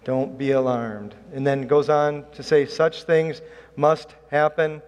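A man's voice: on the high side, fairly even intonation, takes it slowly, clear, resonant tone, muffled recording. A middle-aged man preaching a sermon as a pastor, earnest and emphatic, pushing his voice up on key points. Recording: reverberant hall.

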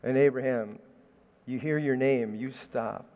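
A man's voice: mid-range voice, unhurried, lo-fi sound. Male pastor preaching in a reverberant hall. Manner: conversational storytelling with repeated restarts. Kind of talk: sermon.

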